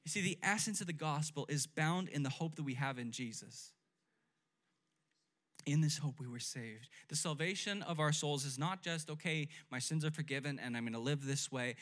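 A man's voice: on the high side, fairly bright tone. Conversational male pastor asking "right?". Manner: conversational, often asks "right?"; leads congregation call-and-response. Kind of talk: sermon.

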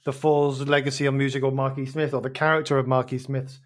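A man's voice: mid-range voice, flat delivery, fast talker. A middle-aged man hosting a casual podcast, asking questions in a jokey, chatty way. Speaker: podcast host.

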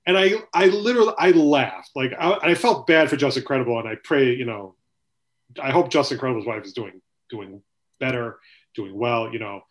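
A man's voice: medium pitch, expressive, moderate pace. A man hosting a casual sports podcast, rambling and swearing, with a lot of "you know" filler. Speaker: podcast host.

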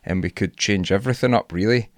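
A man's voice: fairly low pitch, fast, no room sound, clean studio sound. A young Scottish man in casual podcast chat, rambling and swearing freely with frequent laughs. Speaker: podcast co-host.

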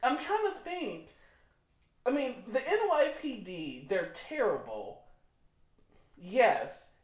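A person from Michigan co-hosting a podcast, with a lively voice that swings up and down in pitch. They curse freely and argue their opinions with energy. The voice sits in an echoey room. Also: slow. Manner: profane, opinionated, animated. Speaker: podcast co-host. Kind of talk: casual chat.

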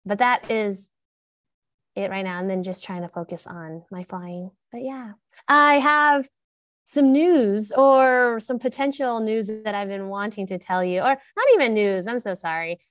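A woman in her thirties chatting casually as a podcast co-host, animated and giggly, often trailing off mid-sentence. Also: medium pitch, measured pace. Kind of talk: casual chat.

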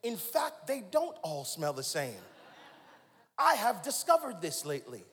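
Man in his forties, high and lively preaching voice, long hall reverb, sermon with call-and-response. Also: measured pace. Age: 40s. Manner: dramatic swings from hushed to shouting, call-and-response with the crowd. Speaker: pastor.

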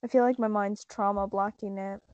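A woman's voice: mid-range voice, steady tone, normal speed, a little mellow, dry recording. A young woman chatting casually, laughing often, swearing and filling her talk with "like". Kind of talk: casual chat. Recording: dull, lo-fi sound.

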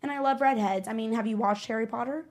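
A woman's voice: on the high side, quick pace, noisy background. A woman guest in a casual chat, telling stories in a playful, brash way. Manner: animated storyteller, playful and brash.

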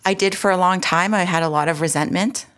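Candid woman guest, slightly low voice, talks in restarts and asides. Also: a little fast, fairly bright tone, clear, resonant tone. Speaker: interview guest. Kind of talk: personal storytelling in conversation.

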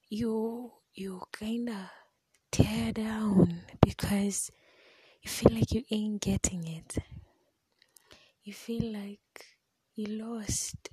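Young kenyan woman, very breathy, slow hushed confessional storytelling. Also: mid-range voice, dry recording. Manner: mostly whispered, mixing English and Swahili slang.

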